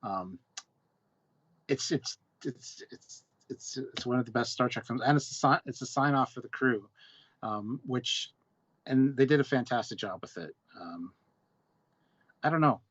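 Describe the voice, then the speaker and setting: A man's voice: medium pitch, animated, a little slow, pauses often, a bit bright, no echo, lo-fi sound. A man co-hosting a casual live film discussion, rambling and repeating words while he searches for what to say. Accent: British. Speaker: co-host.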